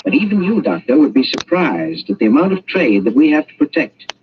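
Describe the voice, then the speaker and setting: An actor playing a young British colonial official who talks in a dry, probing, ironic way, in an old radio drama. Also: male voice, on the high side, big pitch swings, fairly quick. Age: young adult. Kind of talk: 1940s radio drama acting. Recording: dull lo-fi old radio recording, faint hiss.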